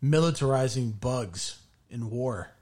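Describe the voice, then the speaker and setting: A man co-hosting a laid-back podcast, talking with a lively, swinging pitch. His tone stays easygoing and conversational throughout. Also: takes it slowly. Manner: relaxed, conversational, wraps up the show. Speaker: podcast co-host. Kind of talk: casual chat. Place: home podcast studio.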